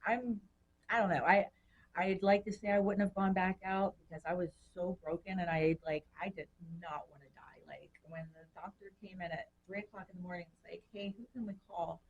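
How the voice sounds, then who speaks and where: A woman's voice: fairly low pitch, a little fast, dull audio. Chatty woman telling her story, faint hiss. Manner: chatty, animated, acts out quoted voices. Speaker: guest in recovery. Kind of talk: personal storytelling.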